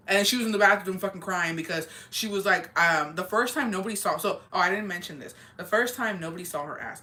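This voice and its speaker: A woman's voice: lowish voice, pushed and bright. A young adult woman telling a school story in casual chat, rambling, blunt and full of swearing. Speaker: streamer.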